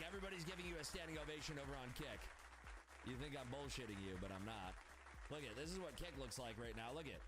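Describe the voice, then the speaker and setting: A man's voice: medium pitch, animated, fast, over a noisy crowd, heavy background noise. A young man livestreaming his trading, talking casually and crudely with hyped asides to his chat.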